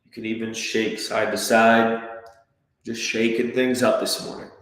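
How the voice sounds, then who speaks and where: A man coaching a breathwork class, calmly counting and giving gentle step-by-step cues. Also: fairly low pitch, unhurried. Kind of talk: guided breathwork class instruction. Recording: very echoey room.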